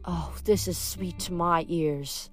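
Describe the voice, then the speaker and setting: Woman reading as a vain giant spider, slow hissing drawl, low voice. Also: fairly even intonation, soft background music. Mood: bitter. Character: bitter vain giant female spider weaver. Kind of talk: audiobook reading.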